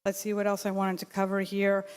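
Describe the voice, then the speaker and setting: A woman's voice: medium pitch, monotone, a little fast, a little mellow, smooth. A woman giving a rambling, insistent public comment at a city council meeting, speaking into a podium microphone. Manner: insistent, rambling, with many fillers and restarts.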